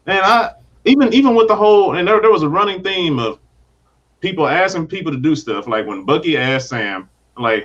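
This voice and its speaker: A man's voice: fairly high pitch, animated, fairly quick, a bit bright, lo-fi sound. A man in a casual podcast conversation, animatedly acting out characters in quoted asides. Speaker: podcast guest.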